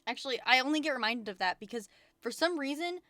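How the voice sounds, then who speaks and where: A woman VTuber chatting casually on a livestream, rambling excitedly and swearing often. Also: sits high, fast, dry recording. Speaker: VTuber streamer.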